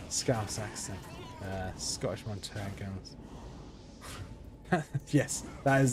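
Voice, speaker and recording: A young man talks his way through a live game stream, chatty and thinking aloud, full of ums and false starts. His voice sits at an ordinary middle pitch. A steady background noise runs clearly under the recording. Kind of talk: live gameplay commentary.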